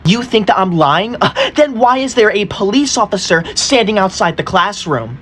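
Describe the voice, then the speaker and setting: A woman's voice: mid-range voice, animated, normal speed, a little hiss or hum. A young woman performing a comedy skit to camera in a pushy, entitled and sarcastic way. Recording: loud music under the voice. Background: loud music.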